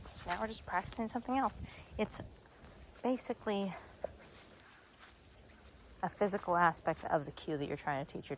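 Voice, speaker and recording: A young adult woman, a dog trainer, explaining training steps to viewers outdoors in a park. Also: noisy background. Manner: explains to viewers, breaks into high-pitched praise for the dog. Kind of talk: instructional dog training video.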